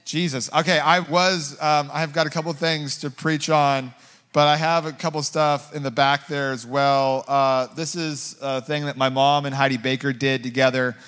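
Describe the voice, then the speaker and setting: Rambling guest pastor in a reverberant church. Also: male voice, a little high, moderate pace, clean tone. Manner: rambling, filler-heavy, animated when quoting himself. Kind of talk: conversational sermon storytelling. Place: church sanctuary. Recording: long hall reverb.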